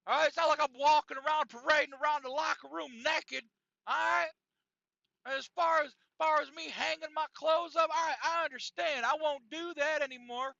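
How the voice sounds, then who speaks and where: A man voicing a belligerent, defensive male gym-goer who shouts crude insults, on a dull, lo-fi, dry recording. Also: extremely high pitch, steady tone, normal speed, gravelly, dry recording, pitched above the performer's own voice, full character voice.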